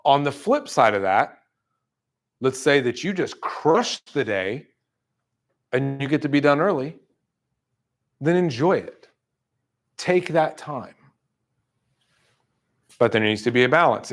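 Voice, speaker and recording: A man's voice: a little high, expressive. Blunt, fired-up male sales trainer. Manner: blunt, fired-up, acts out excuses in quick asides. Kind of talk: motivational talk to a room. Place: room with an audience.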